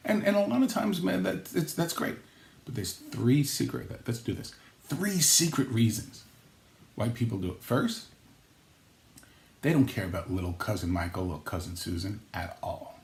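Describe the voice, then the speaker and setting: Man, vlog host, jokey and rambling, mid pitch, roomy echo. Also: animated, normal speed, creaky, darkish tone. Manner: jokey, rambling, acts out quotes with pitch jumps. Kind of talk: comedic vlog monologue.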